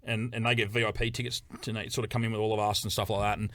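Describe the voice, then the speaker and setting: Bright-voiced, sweary man. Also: lowish voice, rapid-fire, no echo. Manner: animated, laughing, heavy swearing. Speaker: podcast guest. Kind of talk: casual podcast storytelling.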